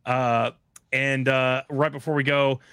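A man's voice: medium pitch, level tone, slow, fairly bright tone, smooth, dry recording, clean studio sound. A man hosting a casual live-stream chat, easygoing, reading out viewer comments. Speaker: host.

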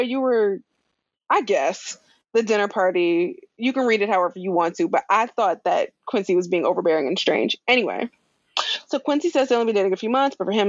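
Casual woman podcaster, lively storyteller, dry muffled mic. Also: mid-range voice, no room sound. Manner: animated storytelling with laughs and slangy asides. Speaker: podcast co-host recapping a show. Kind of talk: casual chat.

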